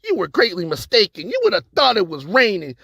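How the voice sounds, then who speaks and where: A man's voice: sits high, huge pitch swings, a little fast, creaky, a bit bright, dry recording. A man performing a battle rap verse with an aggressive, taunting delivery. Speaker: battle rapper.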